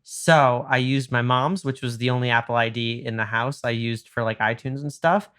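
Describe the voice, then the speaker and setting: Man, podcast host, animated storyteller, acts out quotes, mid pitch. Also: normal speed, clean tone. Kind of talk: casual chat, storytelling.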